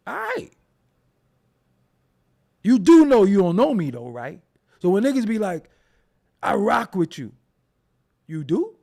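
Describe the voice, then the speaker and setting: A man's voice: sits high, huge pitch swings, slow pace, gravelly, long pauses, mellow. A man hosting a casual livestream, ranting at his chat in a profane, mocking way. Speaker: show host.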